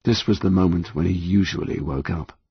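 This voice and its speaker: A man's voice: low voice, a little fast, breathy edge, dry recording, muffled recording. A man narrating an audiobook in a dramatic, tense reading. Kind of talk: scripted narration.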